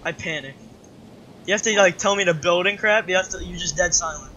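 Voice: mid-range voice, a little fast, pushed and bright, highs cut off, a little hiss or hum. A gamer defending and apologizing to a teammate, repeating the same lines over and over. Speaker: gamer playing a team shooter. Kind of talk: gaming chat.

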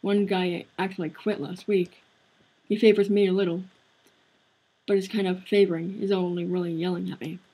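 A woman voicing a sick, downcast teenage boy who speaks quietly, in a husky voice. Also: on the low side, flat delivery, normal speed, rough recording. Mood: weary. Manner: quiet, subdued.

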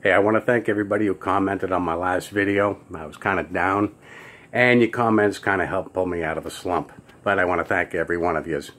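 A man with a New York accent telling jokes and stories in a casual monologue, jumping into high squeaky voices for the characters. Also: fairly even intonation, brisk, fairly bright tone.

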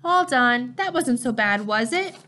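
Gentle male nurturer in a storybook reading, sing-song baby talk, voice climbing high and light, as a woman reader puts him on. He coos softly at tiny infants. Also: lively intonation, moderate pace. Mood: cooing. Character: father, a gentle male nurturer cooing at newborns.

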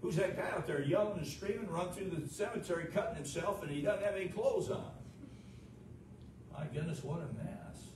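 A man's voice: sits high, moderate pace. A man pastor preaching a sermon, emphatic, asking the congregation questions. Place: church sanctuary. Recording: echoey room, distant mic, noisy.

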